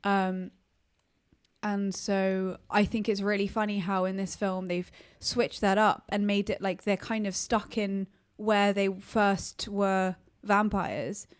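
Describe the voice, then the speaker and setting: Animated female podcast co-host, casual film chat. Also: mid-range voice, takes it slowly, smooth.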